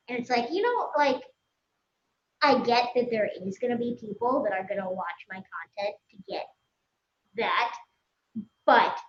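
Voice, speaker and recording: A woman's voice: medium pitch, roomy sound, dull audio. A woman with a Minnesotan accent, a guest on a live show, chatting candidly with lots of giggles and swearing. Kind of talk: casual live-stream chat. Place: by a pool.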